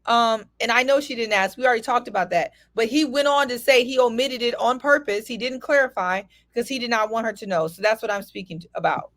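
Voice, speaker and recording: Emphatic higher-voiced woman panelist. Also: a little fast, few pauses, fairly bright tone, dry recording. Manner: emphatic, opinionated. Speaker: podcast panelist. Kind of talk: casual panel discussion.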